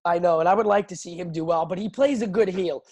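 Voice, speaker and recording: Young male host, higher pitch, casual animated fight talk, laughs a lot, stammers. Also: fast talker. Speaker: podcast host. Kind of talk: casual chat about fights.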